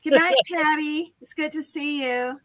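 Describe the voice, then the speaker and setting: A woman's voice: sits high, steady tone, a little slow, no echo. A woman hosting a late-night live stream, chatting casually, giggling and greeting viewers by name. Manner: chatty, giggly, reads out chat names.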